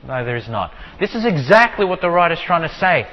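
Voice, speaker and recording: A man teaching from the Bible, explaining with repeated rhetorical questions and slowing down to stress key words. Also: a little high, very animated, in a large hall, lo-fi sound. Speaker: preacher.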